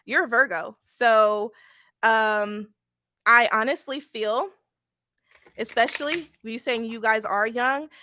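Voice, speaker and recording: Bright-voiced young woman tarot reader. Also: mid-range voice, dry recording, studio quality. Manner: casual, blunt, laughs often, swears. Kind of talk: live-stream card reading.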